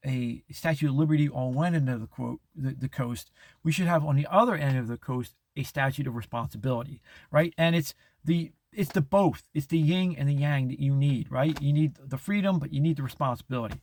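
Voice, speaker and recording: A man's voice: a little mellow, no echo. A middle-aged man hosting a podcast, talking in a rambling monologue with many restarts and false starts. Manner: halting, many restarts, mocking falsetto impressions. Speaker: podcast host.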